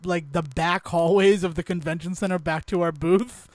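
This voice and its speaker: High-voiced man laughing through a story. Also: steady tone, normal speed, no room sound. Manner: laughs through his stories, swears freely. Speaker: podcast co-host. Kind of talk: casual chat, storytelling.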